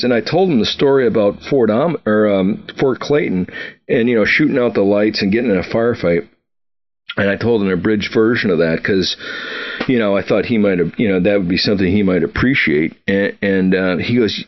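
With a low-ish voice and a brisk delivery, this middle-aged podcast guest rambles through tales of his time in the military. He restarts often, uses lots of fillers, and chuckles occasionally, all on a lo-fi recording.

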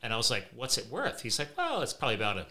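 A man hosting a podcast, telling animated, chatty anecdotes. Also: medium pitch, very fast. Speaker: podcast host. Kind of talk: casual conversation.

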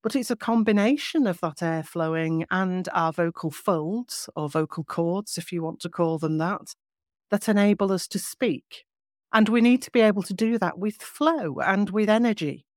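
A woman voice coach explaining vocal technique in a clear, measured teaching manner. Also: mid-range voice, a little mellow, no echo, studio quality. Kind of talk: podcast teaching.

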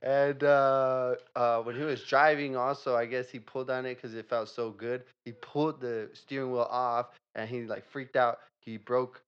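A man's voice: medium pitch, little pitch movement, moderate pace, hardly any pauses, smooth. A man hosting a casual improv comedy video, loose and laughing, swearing now and then. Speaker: host. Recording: dull lo-fi sound.

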